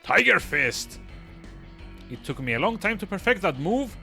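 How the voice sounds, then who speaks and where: A swaggering, battle-hungry fighter, as a man reads him aloud from a game, declaiming every line with proud bluster. The voice sits raised and bright, with lively swings in pitch. Soft game music plays behind. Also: moderate pace, gravelly, exaggerated voice. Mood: boisterous. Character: boisterous battle-loving fighter, loud and proud.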